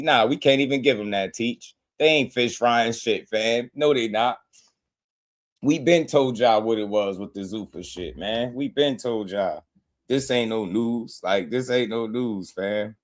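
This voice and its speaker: Laughing, slangy boxing stream host. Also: male voice, medium pitch. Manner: laughs constantly, slangy, excitable banter. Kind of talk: casual live-stream reaction chat.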